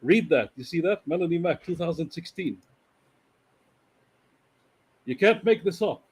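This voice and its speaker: A man's voice: a little high, expressive, a little slow, husky. A man in a casual podcast chat, explaining things sardonically.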